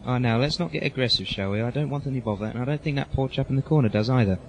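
A man's voice: mid-range voice, very fast, a little hiss or hum, lightly acted, poor audio. A man playing an eccentric, polite time-traveling doctor who talks in a chatty, fussy, genteel way. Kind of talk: amateur audio drama.

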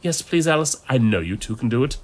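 A man doing a brisk eccentric time-traveller. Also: mid-range voice, lively intonation, pitched above the performer's own voice, lightly acted. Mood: coaxing. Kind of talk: amateur audiobook reading.

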